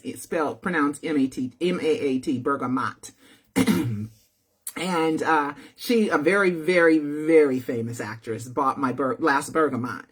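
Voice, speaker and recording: A woman's voice: sits low, breathy edge. A woman telling a story to her viewers in a casual, chatty way, often checking in with "right?" and "okay?". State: feeling unwell.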